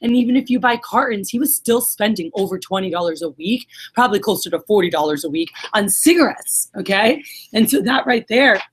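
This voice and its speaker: Her medium-pitched voice is husky, animated and a little fast as she gives a sales team a casual motivational speech. Profanity slips in, and she performs the quotes in her stories in different voices.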